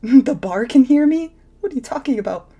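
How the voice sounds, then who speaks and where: A woman streamer chatting casually with her live chat, bubbly and self-deprecating, talking in quick bursts with giggles. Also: sits high, expressive, mellow, husky, muffled recording.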